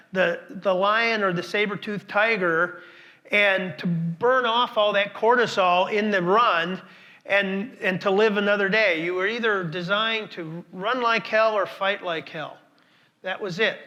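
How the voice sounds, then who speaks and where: A man's voice: high-pitched, bright, forceful tone, muffled recording. A man speaking at a conference, telling stories and repeating words for emphasis while questioning the audience. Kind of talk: conference talk.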